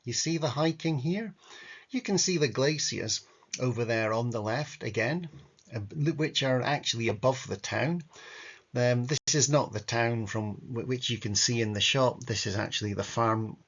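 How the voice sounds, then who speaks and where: Wry guy narrating travel pics, gravelly, rambly, bit lo-fi. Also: medium pitch, moderate pace, fairly bright tone. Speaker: travel guide vlogger. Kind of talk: casual travel commentary over photos. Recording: dull lo-fi audio.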